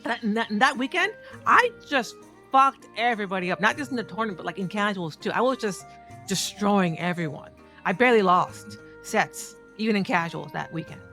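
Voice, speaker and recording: Bright-voiced woman telling a story, profane and animated. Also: medium pitch, a little fast, faint music behind. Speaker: streamer and competitive fighting game player. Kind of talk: casual commentary over her own match footage.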